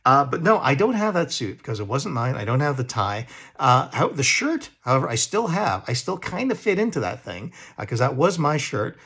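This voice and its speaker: A man's voice: medium pitch, sing-song, moderate pace, pushed and bright, breathy edge. A male actor talking casually to camera and looking back on old roles, rambling and poking fun at himself. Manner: self-deprecating and rambling. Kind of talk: casual talk to camera, reminiscing.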